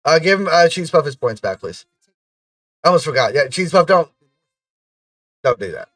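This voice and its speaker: A man's voice: fairly high pitch, very animated, normal speed, a bit bright, dry recording, far from the mic. A man chatting casually on his livestream, rambling to his chat with lots of fillers.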